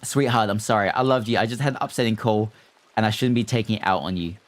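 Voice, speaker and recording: A man's voice: on the low side, quick pace, close to an everyday voice. A man reading as a curt, secretive young mum. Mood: tender. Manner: soft, then snapping.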